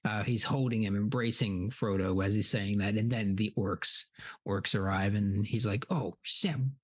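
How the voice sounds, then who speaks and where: A man's voice: lowish voice, steady tone, moderate pace. A man hosting a casual comedy podcast, recapping a film in a rambling way with many ums and uhs.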